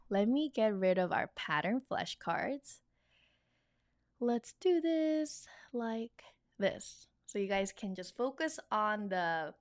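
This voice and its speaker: A woman's voice: medium pitch, fairly bright tone, no echo, studio quality. Bubbly woman teacher. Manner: bubbly, chatty, repeats words slowly for learners. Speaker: Korean language teacher. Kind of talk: online language lesson.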